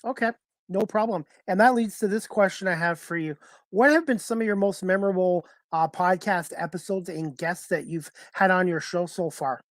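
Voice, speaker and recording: A man hosting a live-streamed sports talk show, asking polite, halting questions. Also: high-pitched, dry recording, studio quality.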